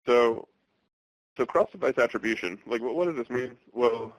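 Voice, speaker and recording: A man in his thirties from the Boston area presenting a webinar, speaking in a monotone with many fillers and restarts. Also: mid-range voice, moderate pace, no echo, rough recording. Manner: monotone delivery.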